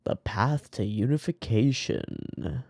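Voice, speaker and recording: A man's voice: fairly low pitch, wildly swooping pitch, slow pace, vocal fry, a little mellow, no room sound, clean studio sound. A man hosting an anime reaction video. He swears freely, laughs often, and talks back at the characters on screen. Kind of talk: casual reaction commentary.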